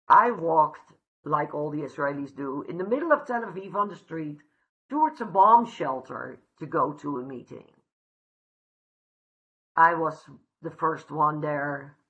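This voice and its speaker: A woman's voice: low-pitched, a bit bright, dull audio. A woman from the Netherlands giving a heartfelt, candid personal recovery share, swearing freely. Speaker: recovery meeting speaker.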